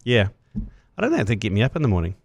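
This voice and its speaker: A man's voice: lowish voice, wildly swooping pitch, quick pace, vocal fry, no echo. A middle-aged man with a New Zealand accent hosting a podcast in crude, casual banter. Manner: laid-back, crude, chatty, frequent "yep". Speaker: podcast host.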